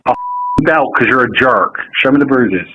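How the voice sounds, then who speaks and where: A man's voice: medium pitch, brisk, dull audio, slight background noise. A man speaking in a menacing, taunting way.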